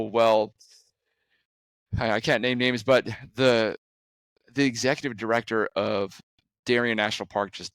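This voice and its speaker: Guy telling a wild travel story, lots of restarts, pitch jumps up when hes shocked, dry sound. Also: no echo. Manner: animated storytelling with sudden rises in pitch; frequent restarts and fillers. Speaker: conservation photographer. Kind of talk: recounting an adventure story.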